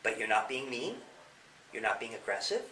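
A man's voice: mid-range voice, very animated, moderate pace, sharp tone, slight background noise. A man who is a police officer, giving young people advice in an interview. He explains with questions and acts out examples. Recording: echoey room, mic at a distance.

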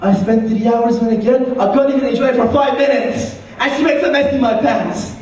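A young man performing a stand-up comedy set at a university comedy night, animated and quick to jump into loud put-on voices. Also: very high voice. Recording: roomy hall, mic heard from a distance.

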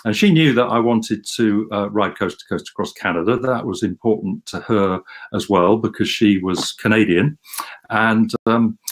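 English guy on a video call, lowish voice, rambles and repeats himself while going thru slides. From England. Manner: rambling, repeats words, self-deprecating humor. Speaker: guest musician giving a slide talk. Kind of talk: casual storytelling over slides.

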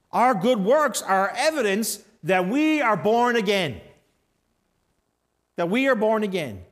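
High-voiced preacher swinging loud and soft. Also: male voice. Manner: emphatic, swings between raised exhortation and quiet storytelling. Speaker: pastor. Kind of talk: sermon. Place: church sanctuary.

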